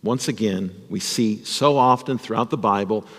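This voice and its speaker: A man's voice: lowish voice, moderate pace, long reverb tail. A man, a pastor, telling a Bible story as a children's sermon and asking the children questions. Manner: animated, addresses children with questions.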